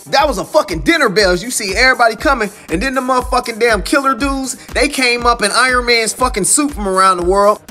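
A man's voice: extremely high pitch, fast talker, few pauses, sharp tone, soft background music. A man casually recapping a comic book story in slangy, heavily profane talk. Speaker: comic book video host.

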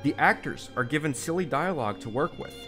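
A man's voice: a little high, expressive, a little fast. Earnest man narrating a video essay. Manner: earnest, opinionated. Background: background music.

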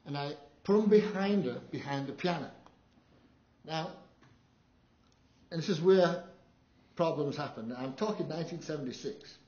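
Older man, sound engineer, animated anecdotes, lecture hall, echoey, muffled. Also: normal speed, pauses often. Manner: animated storyteller, acts out quotes with big pitch jumps. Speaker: live sound engineer giving a talk. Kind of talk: anecdotal presentation to an audience. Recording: dull, roomy hall recording.

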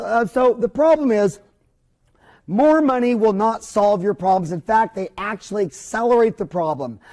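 A man's voice: sits high, a little mellow. A middle-aged man giving a blunt, opinionated seminar lecture at a whiteboard, rambling with folksy mild cursing.

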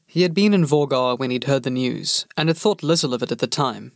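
A man reading an audiobook in steady, even scripted narration. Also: mid-range voice, moderate pace, gravelly, hardly any pauses, no echo, studio quality.

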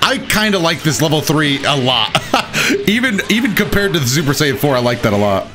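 A young man giving excitable live commentary on his own fighting game matches, talking to himself and laughing at his own mistakes. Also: on the high side, normal speed, soft background music. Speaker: gaming commentator.

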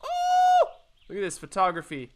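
Animated jumpy man commentating a game. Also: fairly high pitch, normal speed, heavy background noise. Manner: animated, jumpy, swears freely. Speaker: let's play host. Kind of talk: casual gameplay commentary. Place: home room with a cat nearby.

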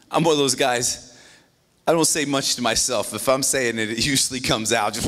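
A male pastor preaching a sermon in an animated, conversational way, with joking asides. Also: medium pitch, a little slow, long pauses.

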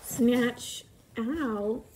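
A woman's voice: fairly high pitch, drawn-out words, darkish tone, slight background noise. A woman casually reading aloud her own childhood book and adding amused, mocking, incredulous comments on it.

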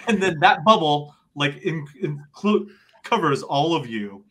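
A man narrating as game master of a tabletop game, loose and animated with many fillers. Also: a little high, unhurried, a little hiss or hum.

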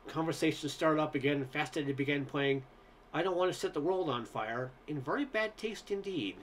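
Man reading a story aloud, fairly high voice. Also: moderate pace, a little hiss or hum. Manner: relaxed storytelling, occasional stumbles. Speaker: story reader. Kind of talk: audiobook narration.

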